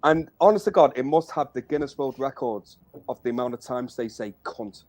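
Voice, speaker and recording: A man's voice: mid-range voice, expressive, moderate pace, a little mellow, no room sound. A man co-hosting a casual movie chat stream, blunt and jokey, swearing freely. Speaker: podcast co-host.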